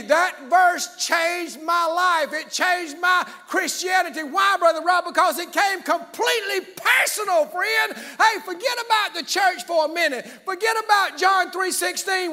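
Evangelist guy, shouting then going quiet, real bright cutting voice. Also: very high-pitched. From East Central Alabama. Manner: fiery preaching that swings from shouting to hushed near-whispers. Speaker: evangelist preacher. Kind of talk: revival sermon. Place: church service.

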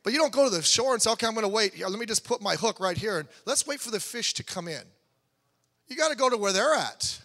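A man preaching a sermon in a conversational, animated way, building to emphatic peaks. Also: sits high, fast talker. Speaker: pastor. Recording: long hall reverb.

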